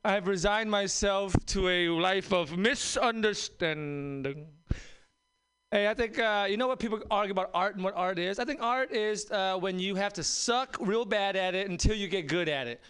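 A man doing a stand-up set with wry, deadpan observations. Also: high-pitched, brisk, hardly any pauses, clean tone. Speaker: stand-up comedian.

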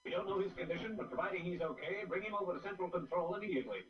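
Actor as a high, rapid control-room officer barking orders, heard through dull, roomy film audio with music underneath. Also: male voice, distant mic, lightly acted. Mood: urgent. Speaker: film character giving orders.

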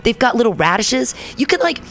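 A woman's voice: on the high side, very animated, fairly quick, fairly bright tone, faint music behind. A woman hosting a talk radio show, telling a long story in a chatty, rambling way, with lots of "like", and acting out the people in it. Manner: chatty, rambling, heavy use of "like", acts out quoted people.

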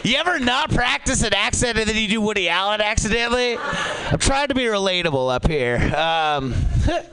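A man performing a stand-up comedy set on a club stage, with an animated delivery that jumps suddenly up high. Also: moderate pace, noisy background.

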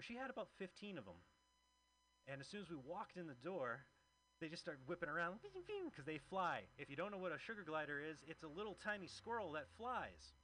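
Male comedian and open-mic emcee, bright, forceful tone, loose, rambling, chuckling delivery. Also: on the high side, slight background noise, poor audio. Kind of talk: stand-up comedy set.

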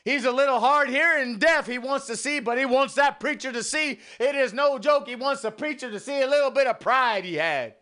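A man hosting a radio show, delivering an impassioned, preacher-style monologue that swings from hushed murmurs to rising exclamations, a little out of breath. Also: very high-pitched, a little fast, hardly any pauses. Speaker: radio host.

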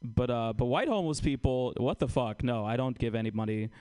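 A man's voice: medium pitch, brisk, warm tone, smooth. A man performing a stand-up comedy set on a club stage, ironic and conversational, often asking the crowd questions.

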